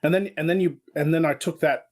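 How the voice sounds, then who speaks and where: A man, a comedy creator, chatting in an interview and telling stories in an animated way. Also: fairly high pitch, fast talker. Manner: animated storyteller, slipping into voice impressions. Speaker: guest, online comedy creator. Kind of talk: casual interview chat.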